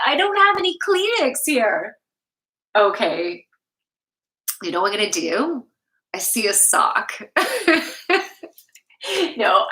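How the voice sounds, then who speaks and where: Canadian yoga teacher lady, bright kinda high voice, super candid, swears a lot, laughs a lot. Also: low-quality recording. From Canada, Toronto. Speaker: yoga instructor. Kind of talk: casual live-stream chat. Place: home room.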